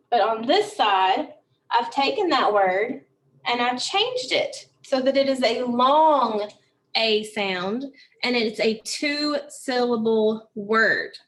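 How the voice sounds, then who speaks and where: A woman teaching a phonics lesson, saying each word slowly and repeating it several times. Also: on the high side, slight background noise. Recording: echoey room from a distance.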